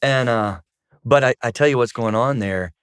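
A man's voice: mid-range voice, normal speed, a bit bright, smooth, dry recording, clean studio sound. A middle-aged man, a marriage counselor co-hosting a talk about marriage, who speaks emphatically and keeps stressing points with "guess what". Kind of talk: conversational teaching on marriage.

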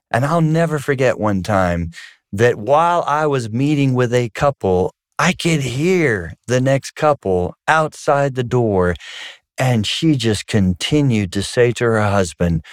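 On a casual podcast with his wife, a man who works as a pastor and marriage counselor tells stories, occasionally performing voices that leap suddenly into a high pitch. The recording is clean studio sound with no echo.

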